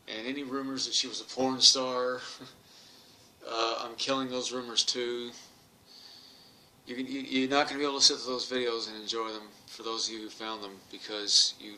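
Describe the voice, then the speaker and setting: A man's voice: mid-range voice, pushed and bright, recorded from a distance, a little hiss or hum. A man from Texas, an author hosting his own channel, talking casually to camera in a rambling way, repeating words, restarting sentences and chuckling at his own jokes. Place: home in England.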